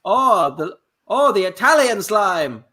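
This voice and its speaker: A man's voice: high-pitched, very animated, slow, sharp tone. A man improvising a comedy scene, fumbling and hesitating through a guessing game.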